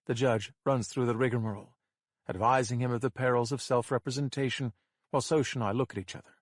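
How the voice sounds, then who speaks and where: A man narrating a thriller audiobook in a measured, even way. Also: medium pitch, no room sound, clean studio sound.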